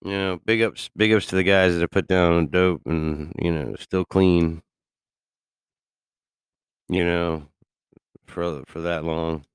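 A man's voice: low voice, steady tone, slow, pauses often, clean tone, no room sound, clean studio sound. A man hosting a radio show, rambling casually in a profane, loose way and laughing often. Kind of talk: casual solo talk.

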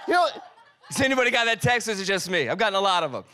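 A man's voice: sits high, very animated, very fast, pushed and bright, some chatter behind. A man preaching a sermon in a loose, conversational way, acting out text messages and his own reactions as he tells a story. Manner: loose, conversational delivery with many filler "like"s. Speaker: pastor.

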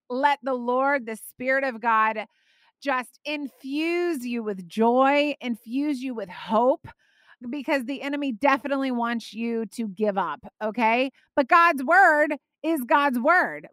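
A woman hosting a faith podcast, talking in an earnest, animated and encouraging way. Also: fairly high pitch, dry recording. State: out of breath. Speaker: podcast host.

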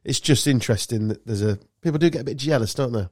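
A man's voice: mid-range voice, fast talker, darkish tone, no echo, studio quality. A man from England hosting a casual football chat podcast, joking and bantering with friends. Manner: joking, banter-filled, sweary. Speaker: podcast host.

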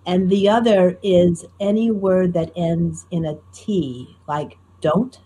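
A middle-aged woman with a faint New Jersey accent, a professional storyteller talking in a lively, self-deprecating way in an interview. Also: on the low side, takes it slowly, slight background noise. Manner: animated, self-deprecating, tells anecdotes with quoted dialogue. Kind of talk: conversational interview.

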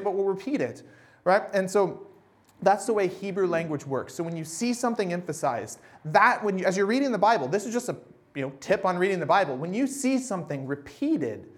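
Young male pastor, high voice, chatty sermon delivery with lots of asides. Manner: chatty, self-deprecating, many fillers and asides. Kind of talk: casual sermon.

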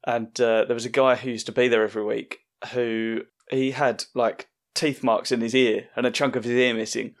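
Relaxed podcast host. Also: male voice, medium pitch, normal speed, hardly any pauses. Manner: relaxed, hesitant with many fillers. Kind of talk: casual chat.

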